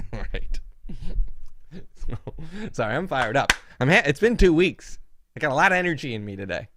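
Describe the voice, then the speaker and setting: Male podcast host, lively pitch, often laughing, dry close mic. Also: moderate pace, no echo. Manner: laughs often, excitable and mocking. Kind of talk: casual podcast chat. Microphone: podcast mic with cord.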